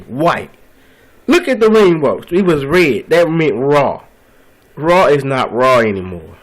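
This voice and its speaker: A man's voice: fairly high pitch, poor audio. A man delivering an angry, frustrated video rant, full of repeated phrases and profane outbursts. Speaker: vlogger ranting about wrestling.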